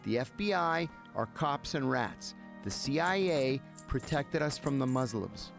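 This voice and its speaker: Animated gravelly man telling a story. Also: mid-range voice, unhurried. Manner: animated, acts out dialogue. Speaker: podcast guest. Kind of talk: storytelling in a casual talk. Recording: music playing behind.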